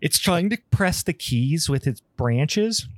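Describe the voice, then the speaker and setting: A man's voice: a little high, lively intonation, slow pace, no room sound. A man co-hosting a podcast, retelling movie scenes in a casual, sarcastic way and laughing often. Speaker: podcast co-host. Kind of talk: casual film review chat.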